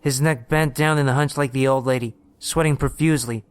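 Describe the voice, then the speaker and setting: A man narrating a first-person horror story in a steady, plain storytelling manner. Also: mid-range voice, a little fast, smooth, no room sound.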